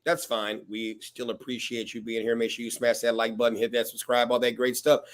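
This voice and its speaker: A man's voice: medium pitch, steady tone, moderate pace, few pauses. A man hosting a casual panel discussion, affirming his guests and wrapping up the show. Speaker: show host.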